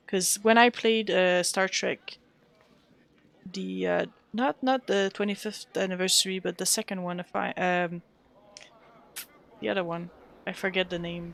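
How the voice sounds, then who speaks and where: A woman's voice: mid-range voice, creaky, a bit bright, dry recording. A woman streaming a role-playing game, chatting casually and thanking her viewers. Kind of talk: casual live-stream chat while playing.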